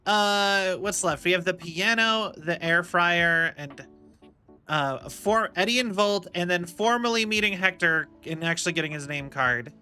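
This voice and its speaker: A male streamer riffing on a video game in a joking, rambling way. His voice is high and very bright. Faint game music plays behind him. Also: measured pace, clean tone. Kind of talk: casual game commentary.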